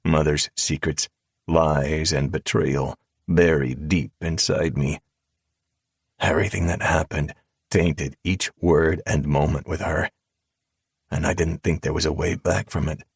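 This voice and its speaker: A man narrating a dark audiobook in the first person with a calm, measured drawl. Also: very deep voice, creaky, husky, dry recording, studio quality. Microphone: close studio mic.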